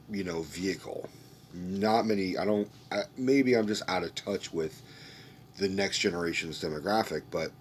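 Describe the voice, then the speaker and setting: A man's voice: low-pitched, a little hiss or hum. A young man giving a rambling, profanity-laced casual movie review rant, often restarting his sentences.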